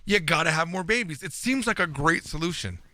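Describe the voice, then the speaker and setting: A man's voice: on the high side, lively intonation, a little fast, sharp tone. A man co-hosting a casual podcast who jokes and laughs a lot and reads news stories aloud. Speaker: podcast co-host. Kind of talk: casual chat.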